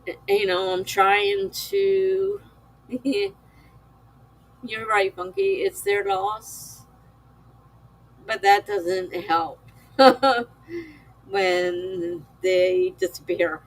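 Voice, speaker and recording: A tired American woman with a medium-pitched voice, lively intonation and vocal fry talks casually with her live-stream chat. She is slow, weary and quick to laugh, and the audio is poor.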